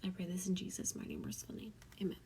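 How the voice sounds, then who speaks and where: A young woman giving an earnest, heartfelt Bible study talk, often speaking softly. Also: fairly low pitch, level tone, very fast, whispered. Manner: earnest, emotional, often soft and breathy. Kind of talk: casual devotional talk. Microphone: tablet mic.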